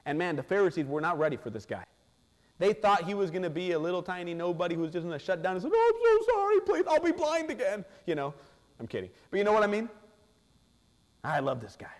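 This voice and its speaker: High-voiced preacher in a reverberant hall. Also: male voice, fast. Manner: expressive, acts out quoted voices. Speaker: pastor. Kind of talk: sermon.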